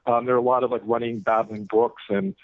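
A man's voice: mid-range voice, flat delivery, fast, no echo. A man who is an author and guest, talking casually in an interview, rambling with many fillers and restarts. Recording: tinny phone-like radio audio.

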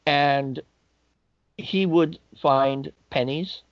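A man telling a personal story in a halting, reflective way, jumping up in pitch when he quotes people. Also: dry recording. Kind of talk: personal anecdote. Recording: dull lo-fi dry recording.

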